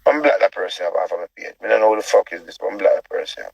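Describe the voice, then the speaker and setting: Man, Jamaican accent, preachy ranting host, rhetorical questions, breathy, dry sound. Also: low voice, animated, racing, no echo, low-quality recording. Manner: preachy, repeats himself, asks rhetorical questions. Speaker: online show host. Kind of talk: ranting commentary.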